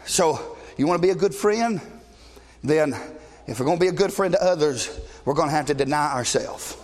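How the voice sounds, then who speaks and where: A middle-aged man preaching a sermon as pastor, blunt and passionate, shouting at times and joking with the congregation. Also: a little high, normal speed. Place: church sanctuary. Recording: long reverb of a large church hall.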